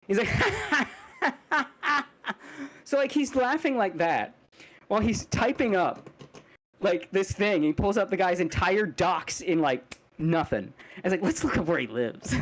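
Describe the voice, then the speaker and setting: A man's voice: high voice, lively intonation, moderate pace. A man co-hosting a podcast, telling a story in casual chat, laughing, swearing and restarting his sentences. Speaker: podcast co-host.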